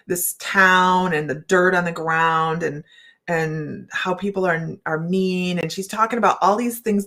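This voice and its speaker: A woman's voice: fairly low pitch, fairly bright tone. A woman psychic hosting a casual livestream chat, telling a rambling story and laughing often. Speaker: psychic and certified hypnotist.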